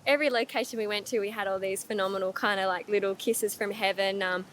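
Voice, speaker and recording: A woman's voice: mid-range voice, fairly even intonation, fast talker, a bit bright, a little hiss or hum. A young woman in her twenties, a media missionary guest, telling stories in an eager, chatty way with many fillers. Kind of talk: casual interview chat.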